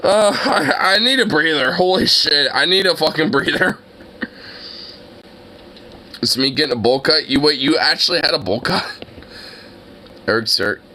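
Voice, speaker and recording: A young man reacting to videos, excitable and exclamatory, laughing and swearing often. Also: fairly high pitch, moderate pace, long pauses.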